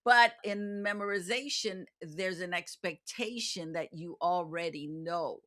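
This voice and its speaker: Bright-voiced woman interview host. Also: on the low side, measured pace. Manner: enthusiastic, reads from her notes. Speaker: host, acting coach.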